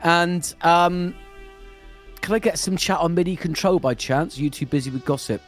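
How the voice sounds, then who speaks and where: A man's voice: fairly high pitch, normal speed, soft background music. A man chatting casually on a live stream, telling a story with frequent laughs. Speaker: streamer co-host. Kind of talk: casual chat.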